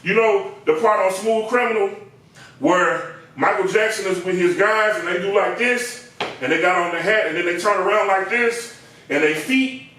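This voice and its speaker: A barber with a high-pitched voice tells a comedic barbershop story in slangy, animated style, acting out each character. The mic is far away and the sound is very echoey, like it was caught across a bare room, with a little hiss or hum.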